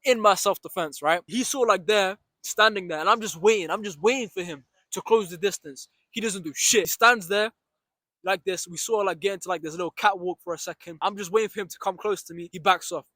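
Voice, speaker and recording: Young man, high voice, quick talk, dry close sound, vlog storytime full of swearing. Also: no echo. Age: young adult. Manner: swears freely, retells with reenacted shouts and asides. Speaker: storyteller vlogger. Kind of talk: animated storytime monologue.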